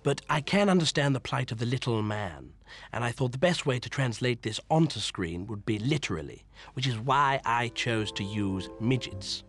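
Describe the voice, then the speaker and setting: An actor playing a vain, pompous older male film director, answering with deadpan self-importance in a mock-documentary interview. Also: mid-range voice, normal speed, faint music behind.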